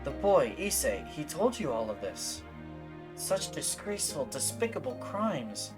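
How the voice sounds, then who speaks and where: A man's voice: a little high, very animated, a little slow, music in the background. A man voicing a proud, grave older warrior in a game, speaking in a formal, solemn, old-fashioned way.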